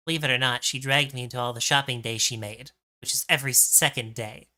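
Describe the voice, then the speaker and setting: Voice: mid-range voice, steady tone, fast, sharp tone. A co-host reading fan fiction lines aloud on stream, playful and prone to giggling. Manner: giggly, reads lines with playful mock-drama. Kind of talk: comedic dramatic reading.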